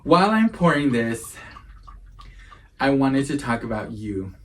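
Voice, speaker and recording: A man's voice: mid-range voice, big pitch swings, a little slow, far from the mic, slight background noise, poor audio. A middle-aged man hosts a casual podcast, taking his time over each word. He speaks with earnest, heartfelt sincerity. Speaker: podcast host. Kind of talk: casual chat.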